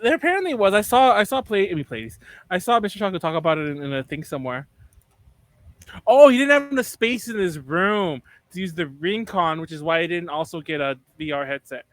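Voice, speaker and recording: A man with a high, very animated voice chats excitedly, stumbling and laughing. The sound is close and dry, with no room around it. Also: a little fast, dry recording. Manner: excitable, laughs a lot, stumbles over words. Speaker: podcast co-host. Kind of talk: casual chat.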